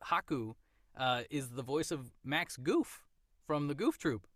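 A man co-hosting a casual movie chat, animated and playful, sometimes slipping into voices to retell scenes. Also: medium pitch, measured pace, dry recording, clean studio sound. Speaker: podcast co-host.

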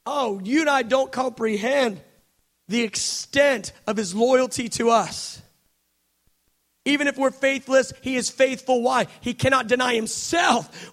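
A male preacher delivers a passionate sermon. His voice sits very high for a man. He moves between soft, hushed passages and loud, shouted emphasis. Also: measured pace.

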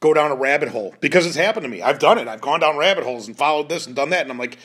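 A middle-aged man hosts a lacrosse show, his voice a little high, fairly bright and breathy-edged, with lively intonation at a very fast pace. His monologue is earnest and emotional, pleading as he keeps repeating phrases and restarting.

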